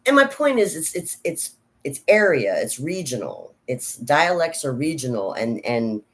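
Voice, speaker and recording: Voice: mid-range voice, sing-song, unhurried. A vlogger and actor chatting casually to camera, meandering from thought to thought with frequent restarts and fillers. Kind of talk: casual rambling chat to camera.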